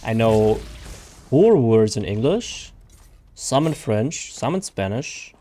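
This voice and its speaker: A man's voice: on the low side, very animated, slow, mellow. Chatty male streamer. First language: German. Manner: rambling, chatty, reads viewer names aloud. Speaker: game streamer. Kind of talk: casual stream chat.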